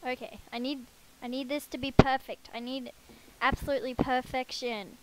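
High-voiced chatty woman gamer. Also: fairly even intonation, moderate pace, very noisy. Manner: chatty, self-deprecating, talks to her game characters. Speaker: let's play gamer. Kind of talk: casual game commentary. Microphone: headset.

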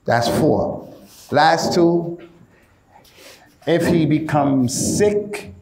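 Brief: male preacher, lively street-talk sermon, higher voice, echoey room. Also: drawn-out words, slight background noise. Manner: animated, street-slang, keeps addressing listeners as "man". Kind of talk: informal sermon.

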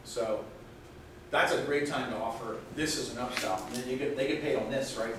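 A man's voice: medium pitch, fairly even intonation, moderate pace, a bit bright, a little hiss or hum. A man running a product sales training session, upbeat and chatty, recorded from a distance in a reverberant room. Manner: upbeat, chatty, laughs between points. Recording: echoey room, mic far off.

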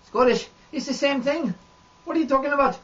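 A man's voice: extremely high pitch, normal speed. A man putting on a rambling Irishman with a crude, boastful swagger. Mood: deadpan rambling. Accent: put-on Irish. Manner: rambling absurd deadpan monologue. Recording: dull lo-fi audio with faint noise.

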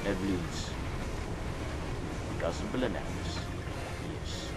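A man's voice: lowish voice, expressive, moderate pace, long pauses. Goofy young man mumbling over gameplay. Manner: goofy, rambling, swings between loud outbursts and mumbling. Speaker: let's play commentator. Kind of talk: casual gameplay commentary. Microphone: cheap microphone with hiss.

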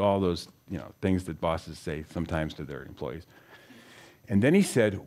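A middle-aged man with a somewhat low voice gives a conversational Bible teaching. He tells stories from his own life and turns to his listeners with questions, earnest and direct. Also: big pitch swings, normal speed, a little mellow. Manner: asks the audience questions, storytelling, earnest. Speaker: speaker teaching scripture.

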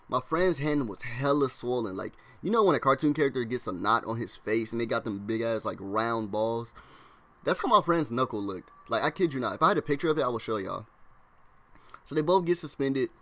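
Speaking in a mid-range, slightly bright voice, a young guy animatedly tells his vlog viewers a story. He wanders off in slang, peppers everything with "like," and mimics what his classmates said in rapid impressions.

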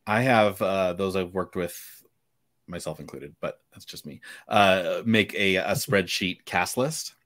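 A man's voice: deep voice, unhurried, a bit bright. A man, an author co-hosting the podcast, explaining things in a casual, wry way. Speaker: author, co-host.

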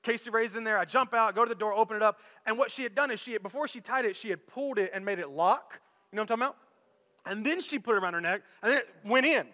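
A middle-aged man, preaching a sermon and telling a story in a loose, conversational way that climbs to animated peaks. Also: sits high, racing. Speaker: pastor. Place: church sanctuary. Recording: long reverb of a church hall with faint music.

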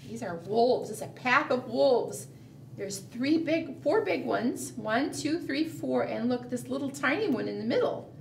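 A woman librarian reading a picture book aloud at a preschool storytime, gentle and sing-song, asking the children questions. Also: high voice, expressive, a little slow, vocal fry, roomy sound, far from the mic, slight background noise.

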